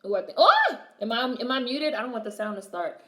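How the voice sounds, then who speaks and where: A woman's voice: medium pitch, lively intonation, quick pace, roomy sound. A young adult woman hosting a livestream, reading chat and chatting casually in a blunt, sassy way, swearing freely and repeating her punchlines.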